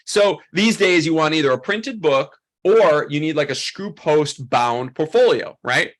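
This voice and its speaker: A man teaching a photography workshop, telling a story in an animated, chatty way full of "like" and "um". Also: a little high, measured pace. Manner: animated, chatty, heavy use of "like" and "um". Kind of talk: storytelling lesson to a class.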